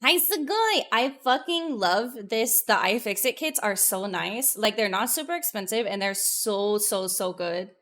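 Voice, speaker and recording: A woman VTuber streamer chatting casually with her live viewers, excitable and profane, jumping between loud bursts and muttered asides. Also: medium pitch, measured pace, few pauses.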